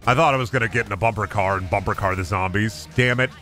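Sarcastic, bright-voiced young man streaming a game. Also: on the low side, fast, few pauses, faint music behind. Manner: sarcastic, profane, jokey. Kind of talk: live gameplay commentary.

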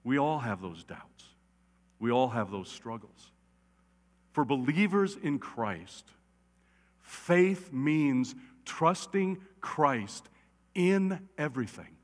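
Animated pastor in an echoing church. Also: male voice, medium pitch, slow. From United States. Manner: animated, repeatedly asks "right?". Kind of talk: conversational sermon. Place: church sanctuary. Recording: long church reverb.

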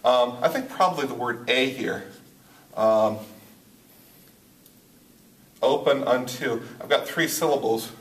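A male poetry teacher writes on a whiteboard during a lesson, speaking at an ordinary pitch with lively intonation and a fairly bright tone. He is halting, thinking aloud with many restarts and fillers. The recording is roomy, catching him from a distance across an echoey room.

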